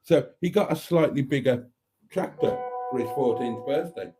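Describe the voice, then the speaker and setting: A man's voice: mid-range voice, expressive, moderate pace, over music. A man hosting a live stream, chatting casually, reading out viewer comments and telling a long rambling joke. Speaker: livestream host.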